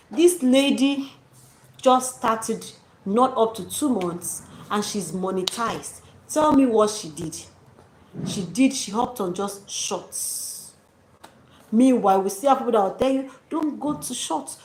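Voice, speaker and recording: A woman giving her viewers casual, preachy motivational advice and calling them dearies. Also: a little high. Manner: encouraging, preachy, addresses viewers as dearies and sis. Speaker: YouTube channel host. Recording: echoey room with faint noise.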